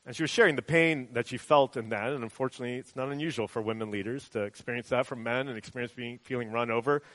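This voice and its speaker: A man's voice: mid-range voice, quick pace, fairly bright tone, no room sound. A middle-aged man preaching a sermon in a conversational way, often checking in with "right?". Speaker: pastor.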